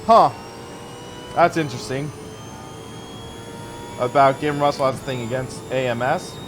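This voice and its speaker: A man's voice: mid-range voice, normal speed, over music. A man in his early twenties giving chatty, rambling commentary while he plays a racing game live and thanks viewers. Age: early 20s. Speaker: sim racing streamer. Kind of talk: casual live gameplay commentary.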